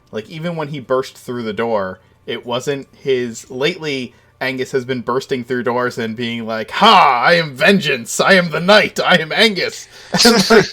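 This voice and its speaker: Laughing man recapping a game session. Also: mid-range voice. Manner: laughing, animated retelling of scenes. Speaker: dungeon master host. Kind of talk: casual podcast recap chat.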